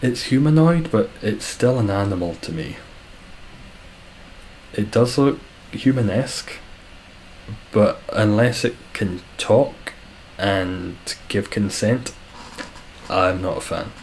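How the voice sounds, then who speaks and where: A man's voice: fairly low pitch, slow pace, long pauses, darkish tone, a little hiss or hum, poor audio. A Scottish man chatting casually on a live stream, reading out viewer comments with dry, self-deprecating humour. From Scotland.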